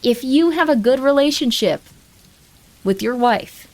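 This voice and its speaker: A woman's voice: high-pitched, lively intonation, measured pace, darkish tone. A woman streamer chatting casually in a rambling, joking way, often cutting herself off mid-thought. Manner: rambling, joking, self-interrupting. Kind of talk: casual live-stream chat.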